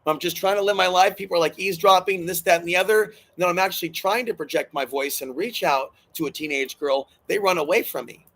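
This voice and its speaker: A man's voice: sits high, fast, few pauses, a bit bright, low-quality recording. A man talking alone to his camera in a rambling vlog monologue, agitated and emotional, repeating himself and swearing, sounding distressed and hurt. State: distressed and hurting. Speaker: channel host.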